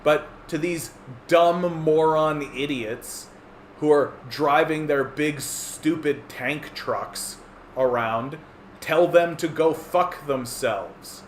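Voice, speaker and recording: Ranting livestream host, man, a bit high-pitched, sarcastic, swearing, roomy echo and faint hiss. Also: slow. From Canada. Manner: profane, sarcastic, mocks opponents in squeaky voices. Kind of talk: ranting monologue. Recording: echoey room with faint ambient noise.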